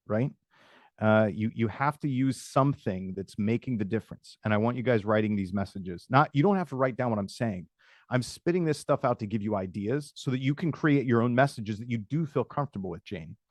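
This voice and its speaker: A man's voice: fairly low pitch, a little mellow, no echo, clean studio sound. A man hosting a live webinar on video call, coaching sales agents and improvising sample messages while calling on attendees by name.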